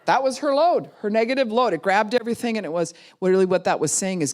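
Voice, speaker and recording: A woman pastor teaching a class in a conversational way, acting out other people's words in quick voices. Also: mid-range voice, big pitch swings. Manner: conversational, with frequent "you know" and "right?".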